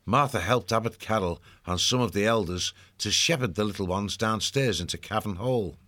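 A man's voice: lowish voice, moderate pace. Man narrating a storybook. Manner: even, storytelling delivery. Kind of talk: scripted audiobook narration.

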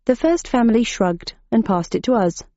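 A woman reading a novel aloud as a narrator, in a dry, measured manner. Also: fairly high pitch, animated, dark tone, no room sound. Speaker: audiobook narrator. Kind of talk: scripted narration. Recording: dull muffled audiobook recording.

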